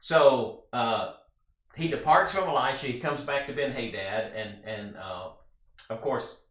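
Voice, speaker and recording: A man in a middle pitch teaches a relaxed Bible study lesson. He talks in an earnest, chatty way and often breaks off for quick asides to his listeners. The room around him adds a noticeable echo. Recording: echoey room.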